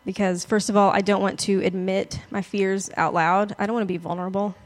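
A woman's voice: medium pitch, level tone, fairly quick. A woman pastor giving a conversational, self-deprecating sermon, often laughing as she talks.

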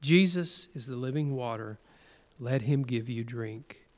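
A man's voice: mid-range voice, unhurried. A man preaching a sermon, reading scripture aloud with earnest emphasis and stretching key words. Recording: long hall reverb.

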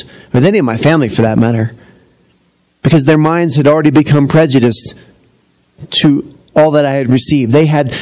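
A middle-aged man preaching a sermon as pastor, in a conversational, animated storytelling manner. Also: mid-range voice, rough recording.

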